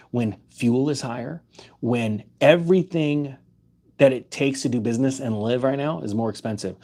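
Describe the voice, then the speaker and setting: A man's voice: mid-range voice, a little mellow. A man giving opinionated finance commentary, reading news items aloud and challenging them with emphatic rhetorical questions.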